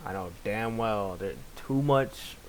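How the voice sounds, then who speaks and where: A man giving casual reaction commentary while watching a video, blunt and loud with lots of swearing. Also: lowish voice, takes it slowly, slight background noise. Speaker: reaction streamer.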